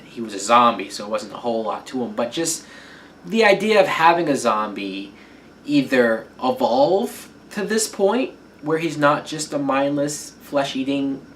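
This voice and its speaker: A man's voice: medium pitch, fairly bright tone, a little hiss or hum, rough recording. A man giving a casual spoken film review, talking candidly and in a rambling way, with some swearing. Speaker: movie reviewer.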